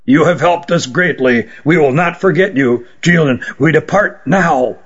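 A man's voice: a little high, measured pace, husky. A man voicing a small, stern old male Kirin leader who gives curt, urgent orders. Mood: urgent, commanding. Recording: dull lo-fi recording.

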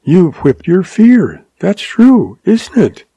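Spirited young ranch gal, high and lively, a man doing her voice. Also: takes it slowly, husky, dry recording, exaggerated voice. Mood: earnest, teasing. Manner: raised high voice, animated.

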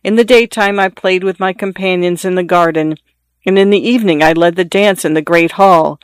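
A man voicing a sorrowful statue of a prince in a storybook reading, speaking low and gently. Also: fairly quick, clean tone, dry recording, natural voice. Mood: mournful.

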